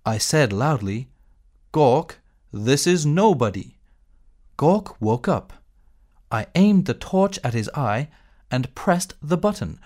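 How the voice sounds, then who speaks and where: A man reading a textbook story in clear, measured narration, as a space captain telling his own adventure. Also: mid-range voice, darkish tone. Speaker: textbook audio reader.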